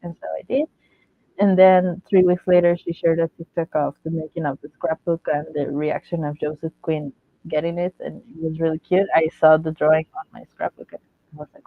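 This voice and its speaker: Woman vlogger, excitable fan storyteller with lots of giggles, heard over a tinny phone-like line. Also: sits low, moderate pace, no room sound. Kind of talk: casual story time.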